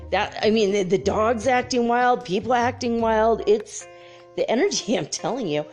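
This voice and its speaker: A woman's voice: a little high, unhurried, a little mellow, faint music behind. Chatty woman in her fifties, laughing often. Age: 50s. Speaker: host. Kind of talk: casual spiritual chat.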